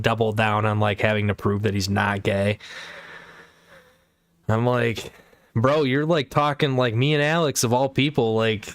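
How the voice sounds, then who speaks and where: A man chats loosely on a livestream, peppering his stories with slang, swearing and bursts of laughter. His voice sits at an ordinary pitch. The sound is dry and close, with no room echo. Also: smooth. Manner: slangy, profane storytelling with frequent laughter. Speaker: livestream host. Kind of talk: casual chat.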